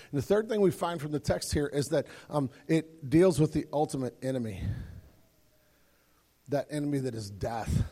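A man's voice: on the high side, animated, normal speed, warm tone, husky, long reverb tail. A man preaching a sermon from a stage microphone in a church, earnest and emphatic, often repeating words as he builds. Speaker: pastor. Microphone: handheld or stage microphone.

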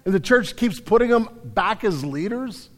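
Man, pastor, sermon, higher voice, emphatic then quiet, long church reverb. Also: animated, moderate pace. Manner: emphatic preaching, swinging between loud declarations and quiet stretches. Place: church sanctuary.

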